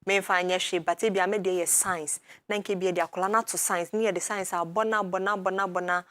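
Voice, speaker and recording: A woman with a Ghanaian accent hosting a studio talk show, lively and switching quickly between Twi and English. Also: fairly low pitch, no room sound.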